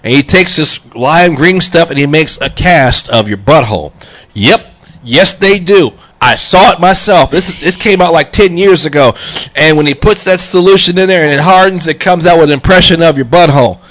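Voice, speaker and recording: Animated man hosting internet radio. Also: a little high, moderate pace. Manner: animated storytelling with laughs and vocal swings. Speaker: radio show host. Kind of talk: casual on-air chat.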